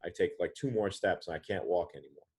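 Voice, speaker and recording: Here is a man in his thirties with a low-pitched voice, recounting an anecdote as a podcast guest. He tells it animatedly and often restarts his phrases, pulling the listener along. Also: quick pace, darkish tone, slightly rough. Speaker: author and interview guest. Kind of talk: storytelling in a podcast interview.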